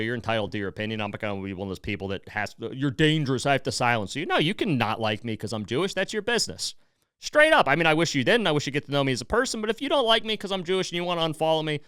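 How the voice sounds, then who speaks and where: A man's voice: a little high, a bit bright, clear, resonant tone, no echo, studio quality. An American man hosting a political podcast, ranting heatedly and swearing freely. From United States. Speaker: podcast host.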